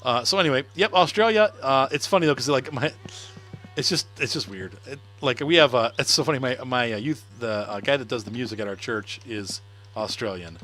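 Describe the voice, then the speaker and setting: A man's voice: medium pitch, brisk, fairly bright tone, soft background music. A middle-aged man chatting casually on a game livestream, laughing often and answering viewer comments. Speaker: gaming livestreamer. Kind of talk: casual live-stream chat while playing.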